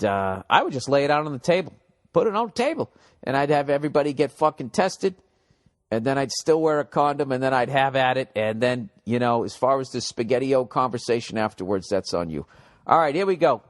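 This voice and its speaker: A man hosting a comedy podcast, rambling profanely and mocking listener emails, his voice a little cracked. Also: mid-range voice. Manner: profane, sarcastic, reads listener emails aloud. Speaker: podcast host.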